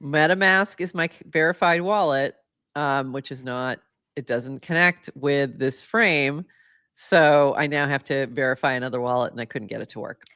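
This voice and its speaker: A woman with a low-pitched voice chats casually as a podcast co-host. She talks in a playful, easygoing way and laughs readily. The sound is dry and close, with no room echo. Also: a bit bright, smooth. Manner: chatty, playful, quick to laugh. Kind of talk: casual chat.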